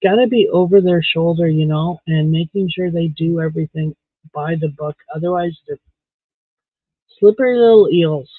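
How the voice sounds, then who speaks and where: A man's voice: fairly high pitch, steady tone, moderate pace, slightly rough, no room sound. A man from Canada chatting casually on a livestream while beading, giving blunt, candid opinions. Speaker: livestream host. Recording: tinny phone-like dry sound.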